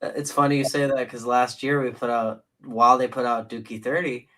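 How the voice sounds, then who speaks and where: A man's voice: mid-range voice, flat delivery, brisk, sharp tone. A man hosting a podcast, chatting casually and telling loose stories with frequent restarts. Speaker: podcast host.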